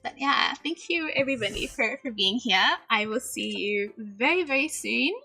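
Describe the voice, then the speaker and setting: A woman's voice: fairly high pitch, expressive, moderate pace, vocal fry, pushed and bright, slightly rough, faint music behind. A woman streaming a game and chatting casually, bubbly and giggly, sprinkling in Japanese phrases. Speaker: VTuber streamer. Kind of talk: casual livestream chat.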